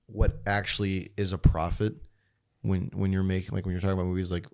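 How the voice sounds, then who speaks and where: Laid-back young man, animated and lowish. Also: brisk, vocal fry. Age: young adult. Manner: animated, swears casually, lots of fillers. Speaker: podcast co-host. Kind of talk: casual chat.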